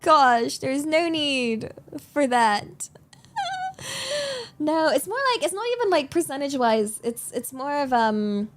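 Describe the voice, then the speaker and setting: Giggly high-voiced woman. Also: takes it slowly, faint music behind. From England. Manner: giggly, animated, exclamatory. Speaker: streamer. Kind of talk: casual chat.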